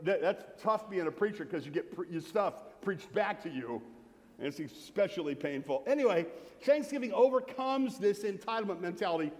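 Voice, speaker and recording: A man's voice: high voice, darkish tone. A middle-aged man preaching a sermon, telling humorous stories and acting out the voices of the people in them. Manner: humorous storytelling, acts out quoted voices. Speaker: pastor. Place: church sanctuary. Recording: long hall reverb from the church.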